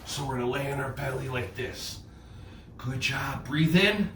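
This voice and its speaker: A man's voice: mid-range voice, a little slow, a bit bright, roomy sound, distant mic, a little hiss or hum. A man from New Jersey with a New Jersey accent, leading a playful children's yoga class indoors and cheering the kids on. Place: indoor room.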